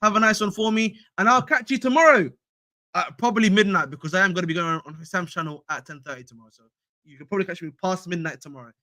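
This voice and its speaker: A man's voice: high voice, fast, bright, forceful tone, no echo. A young man hosting a casual fan live stream, slangy and repetitive, calling viewers bro. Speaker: fan channel host.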